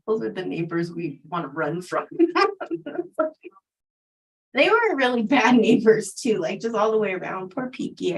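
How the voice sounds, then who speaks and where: A woman's voice: medium pitch, low-quality recording. A middle-aged woman, a spiritual teacher, casually telling a personal story on a livestream and laughing often between sentences.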